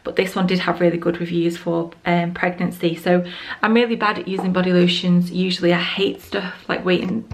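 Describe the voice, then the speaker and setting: A woman's voice: lowish voice, level tone, brisk. Breathless young woman chatting about skincare. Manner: rambling, full of fillers and restarts. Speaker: vlogger. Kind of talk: casual skincare vlog chat.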